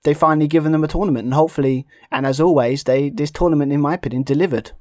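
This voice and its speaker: A man's voice: a little high, fairly even intonation, very fast, darkish tone, dry recording, clean studio sound. A man co-hosting a wrestling podcast, rambling with many fillers and restarts and laughing often. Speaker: podcast co-host. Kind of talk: casual chat.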